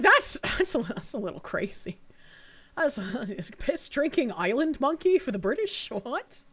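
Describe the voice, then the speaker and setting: High-voiced crude joking woman streamer. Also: fairly bright tone. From Boston. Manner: crude, joking, reads chat messages aloud. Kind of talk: live stream reaction commentary.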